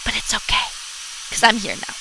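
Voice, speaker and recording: A woman's voice: medium pitch, moderate pace, creaky, noisy background. A girl in her late teens, co-hosting a live stream and chatting casually with viewers. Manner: relaxed, chats with viewers. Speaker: co-host reading chat. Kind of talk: casual chat.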